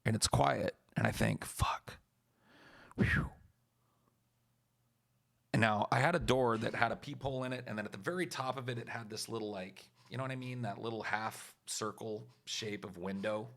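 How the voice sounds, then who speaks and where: A man's voice: fairly low pitch, steady tone, a little fast, vocal fry, few pauses, fairly bright tone. A young man streaming, telling a story casually and talking back to his chat in a profane, blunt, laid-back way.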